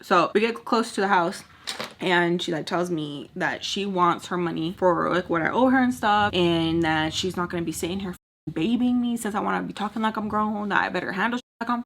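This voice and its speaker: A woman chatting through a storytime while doing her makeup, animated and acting out other people's lines. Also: fairly low pitch, brisk, a little hiss or hum. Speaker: beauty vlogger telling stories. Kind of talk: casual storytime chat.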